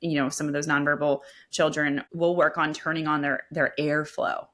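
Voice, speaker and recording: Low-voiced woman speech therapist explaining. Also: level tone, moderate pace, fairly bright tone. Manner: explanatory, repeats words when restarting. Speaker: speech-language pathologist guest. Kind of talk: expert explaining in a podcast interview.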